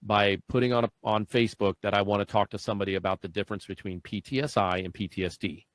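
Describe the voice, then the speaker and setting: A man in his forties hosting a podcast, telling a story with lively acted-out dialogue and frequent laughs. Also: on the low side, fast, dry recording. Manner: animated storyteller, acts out dialogue, laughs often. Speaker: podcast host. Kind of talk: casual podcast conversation.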